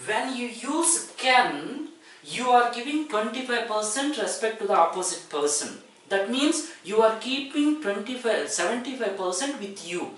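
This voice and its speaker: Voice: mid-range voice, sing-song, a little slow, fairly bright tone. A teacher, explaining polite phrasing step by step and rephrasing points often. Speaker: English teacher. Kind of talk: explanatory lecture. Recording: very echoey room, voice from far off.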